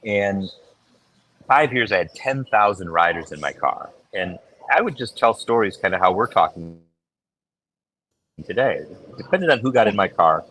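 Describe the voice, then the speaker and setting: A middle-aged man chatting casually as a podcast co-host, telling stories and acting out quoted voices with big jumps in pitch. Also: lively intonation, normal speed, pauses often, a bit bright, poor audio. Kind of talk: casual chat.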